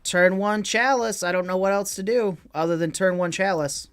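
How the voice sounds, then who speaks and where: A man's voice: high-pitched, moderate pace, a bit bright, clear, resonant tone, faint music behind. A man casually commenting on his own online card game as a streamer, joking with chat and swearing freely.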